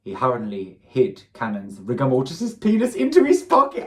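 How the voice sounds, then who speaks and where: A man reads a comic story aloud in a mid-pitched voice. He breaks off now and then with wry comments. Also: huge pitch swings, moderate pace, crowd noise, low-quality recording. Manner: wry asides between narration. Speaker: story reader.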